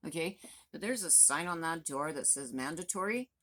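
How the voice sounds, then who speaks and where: A woman's voice: low voice, lively intonation, moderate pace, a bit bright. A woman in her fifties, a vlogger, venting to the camera in a blunt, profane, exasperated rant. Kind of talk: angry direct-to-camera rant.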